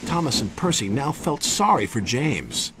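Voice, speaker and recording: A man narrating a children's train storybook in an expressive way. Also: medium pitch, normal speed, noisy background. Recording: music under voice.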